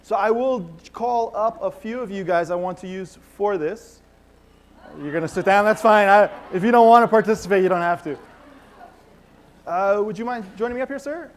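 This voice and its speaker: A man with a fairly high voice leads a live stage act as a mentalist, talking to a hall of a few thousand people. He is upbeat and commanding, and he teases the crowd while he gives instructions. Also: slight background noise. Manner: energetic, commanding, playful crowd work. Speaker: mentalist performer. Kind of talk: live stage show with audience participation. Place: large conference hall with audience.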